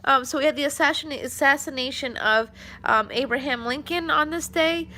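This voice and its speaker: A woman's voice: sits high, moderate pace, sharp tone. A woman chatting casually on a live stream, rambling with many fillers and restarts. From New York.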